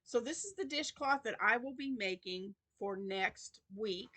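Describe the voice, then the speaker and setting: A woman's voice: a little high, expressive, measured pace, bright, forceful tone. A woman hosting a crochet channel in a casual vlog, chatty and rambling with many restarts, tired and yawning.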